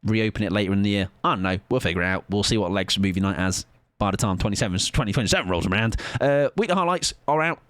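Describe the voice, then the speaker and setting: A man's voice: lowish voice, fast, hardly any pauses, fairly bright tone, dry recording. A young man closing out his stream in casual chat, rambling and self-mocking, rattling off goodnights and plans in a sing-song way.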